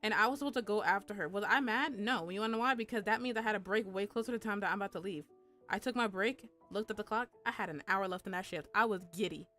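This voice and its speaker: A young woman streamer chats through a workplace story in a loose, profane way. She talks at an ordinary middle pitch, breaks into squeaky high voices for quoted lines, and her voice comes over a desk mic. Faint music plays underneath. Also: a bit bright. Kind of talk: casual storytime chat.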